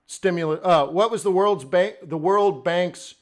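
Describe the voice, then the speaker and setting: Loud, animated male trading host. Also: high-pitched, unhurried. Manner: energetic, swings between near-shouting rants and quiet asides; acts out traders' inner voices in quotes. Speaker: livestream host, forex trading coach. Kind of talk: unscripted live trading stream.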